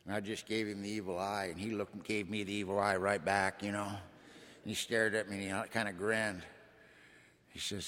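A man's voice: on the low side, moderate pace, bright, forceful tone. A man giving a dramatic, folksy recovery testimony to a meeting. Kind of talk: personal testimony storytelling. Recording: long hall reverb.

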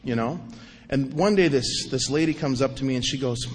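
A middle-aged man tells his recovery story with a self-mocking humor, acting out the people he quotes. His voice sits a little higher than most men's. The sound carries the long reverb of a large hall. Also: brisk. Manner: animated storyteller, acts out quotes, self-mocking, repeats himself. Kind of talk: recovery meeting talk.

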